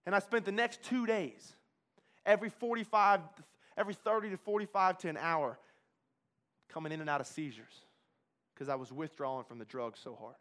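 A man with a fairly high voice giving a spoken testimony, intense and emotionally charged. He repeats phrases for emphasis and swings from loud urgency to hushed, low moments. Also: fairly even intonation, moderate pace. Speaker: speaker giving a personal testimony.

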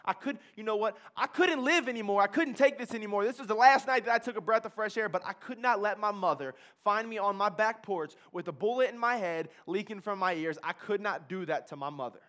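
A man's voice: high voice, fairly bright tone. A man giving an emotional personal testimony, telling his story intensely and repeating key phrases for weight.

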